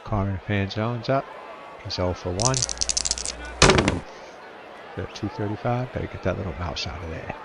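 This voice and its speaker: A man playing a solo tabletop baseball game, reading out dice rolls and calling the plays in a relaxed, halting way, muttering to himself as he looks things up. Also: lowish voice, highs cut off, a loud crowd, heavy background noise. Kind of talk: casual play-by-play while rolling dice.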